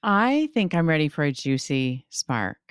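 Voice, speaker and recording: A woman with a low-pitched voice co-hosts a casual podcast, warm and gushing, with plenty of ums and restarts. The sound is close and dry, with no room around it. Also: very animated, measured pace, clean tone, no echo. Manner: warm, gushing, chatty with many fillers. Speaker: podcast co-host and creativity coach. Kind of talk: casual chat.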